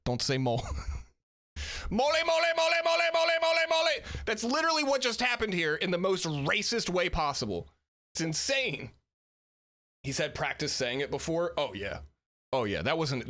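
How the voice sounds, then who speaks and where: A male streamer reacts to clips, his voice a bit high and bouncing all over the place. He laughs often and swears freely, with loose, excited commentary.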